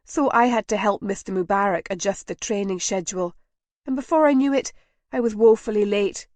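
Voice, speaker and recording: A woman reading a spirited young lady in a storybook, with a slightly raised, brisk delivery. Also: medium pitch, a little mellow, no echo, natural voice. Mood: playful.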